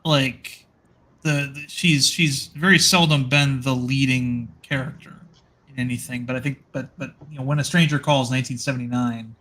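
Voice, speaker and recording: A man's voice: mid-range voice, fairly even intonation, normal speed, fairly bright tone. A man chatting casually as co-host, rambling with frequent restarts and fillers. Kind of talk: casual chat.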